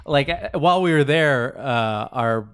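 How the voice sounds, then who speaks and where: A man's voice: medium pitch, measured pace, a bit bright, clear, resonant tone. A man telling a long story on a podcast, rambling with many fillers. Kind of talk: casual chat.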